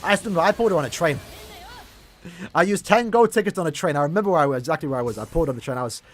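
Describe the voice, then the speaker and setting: A young man chatting casually on a live game stream, talking in quick bursts and laughing easily. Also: fairly high pitch.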